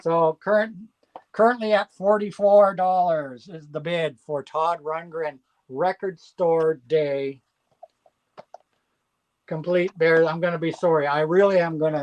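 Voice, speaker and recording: A man hosting a live auction from home, chatting casually and excitedly and rattling off long lists. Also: fairly high pitch, a little slow. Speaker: host selling records at a live auction.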